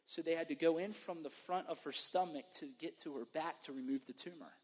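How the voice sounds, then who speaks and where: A man preaching as a guest pastor, moving from emphatic sermon to an animated testimony story. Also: on the high side, a little fast, husky. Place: church sanctuary. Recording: long reverb of a church hall.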